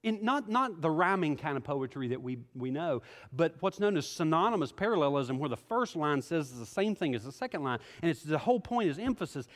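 A middle-aged male pastor preaching a sermon, moving from quiet scripture reading to emphatic exhortation. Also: on the high side. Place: church sanctuary. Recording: hall reverb.

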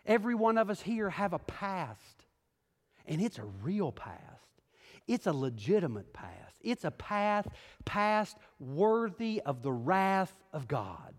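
A middle-aged male pastor preaching a sermon, moving from quiet scripture reading to emphatic exhortation. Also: sits high, very animated, slow. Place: church sanctuary. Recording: hall reverb.

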